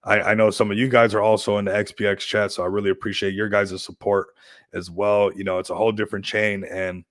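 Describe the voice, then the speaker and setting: A man's voice: fairly low pitch, flat delivery, fast talker, a bit bright, no room sound, studio quality. A man hosting a crypto livestream, chatting casually in a rambling, upbeat hype style and laughing often.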